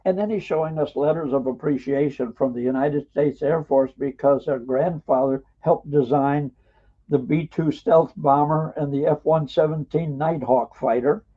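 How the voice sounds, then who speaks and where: A man's voice: on the high side, moderate pace. An older man, an author and historian, telling rambling, emphatic anecdotes as an interview guest, with frequent uhs and mild cursing. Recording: tinny phone-like call audio.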